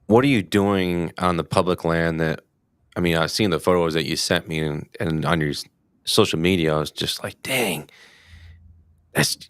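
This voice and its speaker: A man's voice: deep voice, fairly even intonation, normal speed, fairly bright tone, clear, resonant tone, no room sound, clean studio sound. A man hosting a hunting podcast, asking questions in a casual, slangy, enthusiastic way. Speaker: podcast host. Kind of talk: casual interview chat.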